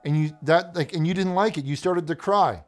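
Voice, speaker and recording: A man's voice: a little high, fairly quick. A man hosting a comedic call-in show, blustery and mocking, often parroting his caller. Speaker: host.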